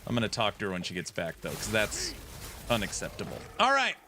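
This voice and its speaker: A man's voice: on the low side, wildly swooping pitch, fast, noisy background. A man in his thirties streaming a game live, chatting and teasing in joking banter while he plays. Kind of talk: live gaming stream chat.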